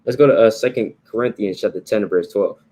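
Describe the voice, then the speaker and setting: Here a man speaks a bit fast in a warm, lowish voice, teaching scripture conversationally. His delivery is loose and repetitive, peppered with "you know" and "right?"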